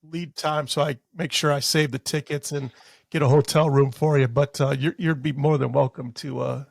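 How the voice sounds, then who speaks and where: Male podcast host, gravelly and slightly high, dry close mic, easygoing filler-heavy delivery. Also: level tone, no echo. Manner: unhurried, with many "uh" fillers. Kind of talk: casual chat.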